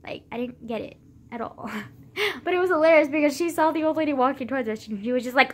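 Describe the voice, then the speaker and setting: A woman's voice: high voice, fast. A young woman in her late teens rambling casually to camera in a vlog, full of "like" and loose swearing. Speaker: vlogger.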